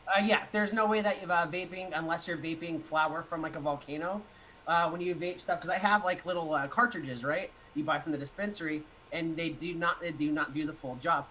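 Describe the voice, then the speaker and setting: A man's voice: a little high, a little fast, sharp tone, a little hiss or hum, poor audio. A man co-hosting a casual podcast and reading the chat. He jokes around and laughs often.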